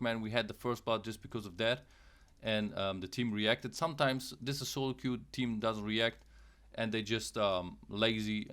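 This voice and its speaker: A man's voice: mid-range voice, fairly bright tone. A young man hosting a casual game tutorial, repeating himself, checking in with "okay" and "guys", and now and then making playful mouth sound effects. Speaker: gaming channel host.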